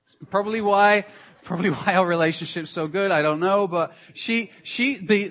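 A British pastor speaking in a fairly high voice, relaxed and chatty as he preaches. The sound is a little muffled. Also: moderate pace. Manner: conversational and practical, with asides. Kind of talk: sermon.

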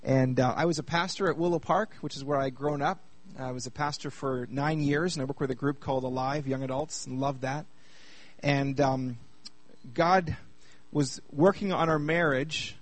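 A man from Canada in his thirties giving a personal testimony talk to a live group, joking with the crowd and then speaking more quietly about hard times. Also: medium pitch, dry recording. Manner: lively and chatty with the audience, turning quieter while telling a hard personal story. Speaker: speaker at a youth gathering.

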